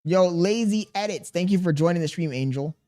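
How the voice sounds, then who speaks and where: Male streamer in his thirties, a touch high-pitched, reads chat and vents, defensive and exasperated. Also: fairly quick, a little mellow. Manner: exasperated, defensive venting with slang. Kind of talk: live-stream chat reading.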